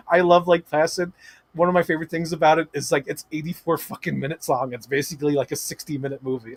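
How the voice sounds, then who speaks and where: A man hosting a livestream, talking in excited, rambling casual chat full of swearing and filler words. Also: a little high, fast talker, no room sound. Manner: gushing, profane, rambling with many "like" fillers. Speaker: livestream host.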